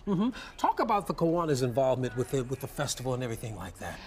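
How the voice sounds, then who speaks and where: A man's voice: medium pitch, big pitch swings, quick pace. A man anchoring a live morning TV news segment in a studio, folksy and upbeat, with lots of restarts and "mm-hmm"s.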